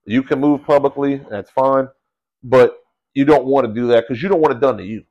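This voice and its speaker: In a casual podcast chat, a man tells a story in an animated, slangy way, calling people "bro" and "dude." His voice is medium-pitched and brisk, and the audio sounds dull.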